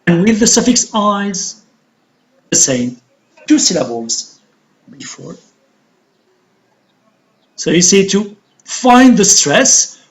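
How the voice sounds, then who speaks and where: An Algerian-accented woman with a mid-range voice gives a recorded English pronunciation lesson; she talks deliberately and repeats words so they can be drilled.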